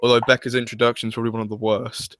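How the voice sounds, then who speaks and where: A man's voice: mid-range voice, level tone, very fast, a bit bright. A young man chatting casually as a fan reviewer, hesitant and full of restarts and fillers. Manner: hesitant, restarts often, uses "like" a lot. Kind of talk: casual chat.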